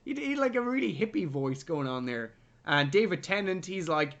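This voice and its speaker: A man's voice: sits high, brisk, hardly any pauses, highs cut off. A man co-hosting a casual film review podcast, chatting animatedly and mimicking characters. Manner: animated, does mocking voices of characters. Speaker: podcast co-host.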